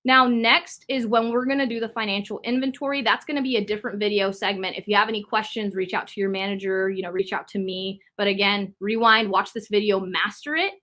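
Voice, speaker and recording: A woman's voice: medium pitch, fairly even intonation, a little fast, few pauses, bright, forceful tone. A woman training salespeople, walking through a call script in a coaching tone with frequent okay check-ins.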